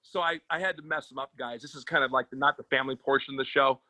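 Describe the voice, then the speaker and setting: Male comedian guest, punchy and profane raconteur, bright tone, close dry mic. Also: medium pitch, fairly even intonation, quick pace, dry recording. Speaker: comedian and sports agent guest. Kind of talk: animated comic storytelling.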